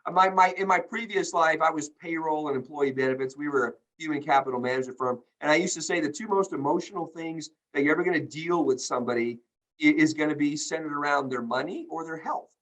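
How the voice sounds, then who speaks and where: A man's voice: on the high side, fast, fairly bright tone, poor audio. A man speaking as a guest on a group video call, telling stories emphatically and with indignation, acting out quoted dialogue. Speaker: healthcare company executive, guest.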